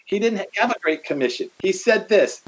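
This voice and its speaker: A middle-aged man in a casual faith conversation, animated, acting out quotes as he tells stories. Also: sits high, moderate pace, breathy edge, poor audio.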